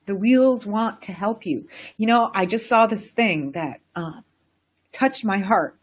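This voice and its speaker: A woman hosts a casual wellness live stream, chatting with viewers in an enthusiastic, rambling way. She speaks at a measured pace with a medium-pitched voice.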